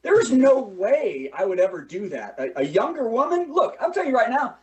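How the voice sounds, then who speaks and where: A man doing stand-up comedy on a video call, telling lively jokes and stories. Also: very high-pitched, moderate pace, distant mic, muffled recording. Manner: animated, joking, lively storytelling.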